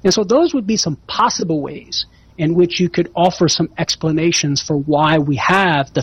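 High-voiced husky man explaining patiently. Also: moderate pace. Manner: earnest, reasons step by step with rhetorical questions. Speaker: guest apologist answering callers. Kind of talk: call-in radio explanation.

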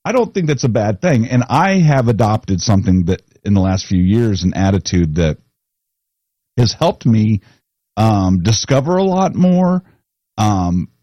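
A man's voice: on the low side, a little slow, no echo. A man hosting a podcast in casual chat, often restarting his sentences. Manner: animated, self-interrupting. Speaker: podcast host.

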